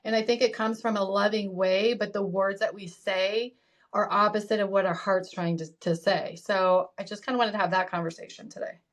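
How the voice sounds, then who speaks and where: A woman in her thirties talking through parenting worries in a casual advice chat. Her delivery is reflective and loose, with many "like" fillers, and her pitch sits in a middle range. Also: fairly even intonation, moderate pace. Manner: conversational, full of "like" fillers, reflective. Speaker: podcast co-host, parent.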